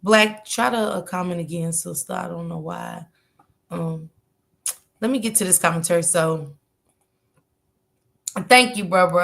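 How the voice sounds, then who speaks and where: A woman's voice: on the low side, a little slow, vocal fry, pauses often, a bit bright. A woman hosting a casual livestream, chatting and greeting viewers by name in a slangy, chatty manner. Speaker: livestream host.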